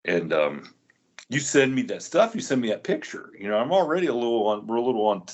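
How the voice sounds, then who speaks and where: A man's voice: medium pitch, big pitch swings, fairly quick, highs cut off. Easygoing man hosting a podcast. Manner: easygoing, chatty, laughs along. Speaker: podcast host. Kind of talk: casual podcast chat.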